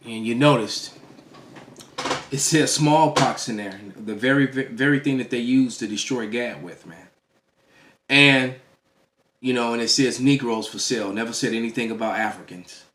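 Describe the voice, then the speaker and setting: Brief: a religious teacher in an emphatic, preachy lecture; a man with a middle-pitched voice who checks in with "all right?" and restarts phrases. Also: moderate pace, fairly bright tone. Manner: restarts and stammers mid-phrase.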